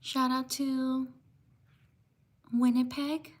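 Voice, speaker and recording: Reading chat names one at a time, this livestream host keeps a slow, steady rhythm, pausing after each shout-out and saying sorry for mispronounced names. Her voice is high and level, with little variation in pitch.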